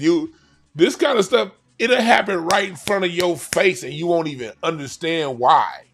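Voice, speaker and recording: Soft background music plays as a card reader gives a yearly forecast from playing cards, talking casually in a slangy, emphatic style and frequently repeating or restarting phrases. His high-side voice is animated and a bit bright, at normal speed.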